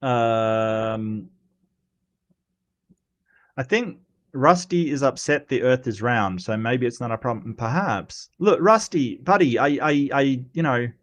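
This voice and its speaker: A male livestream host in casual commentary, reading chat aloud, chatty and teasing, often repeating words and filling pauses. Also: medium pitch.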